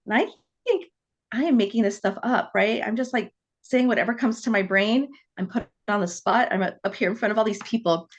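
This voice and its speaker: A woman in her forties, a psychic medium, telling her story on a podcast in an animated way and acting out the dialogue. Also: mid-range voice, a little fast.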